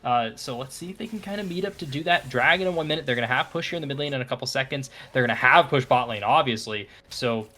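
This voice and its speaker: A man's voice: medium pitch, fast talker, hardly any pauses. Man giving laid-back esports analysis. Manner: relaxed, thinks aloud with fillers and restarts. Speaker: esports caster. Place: broadcast booth.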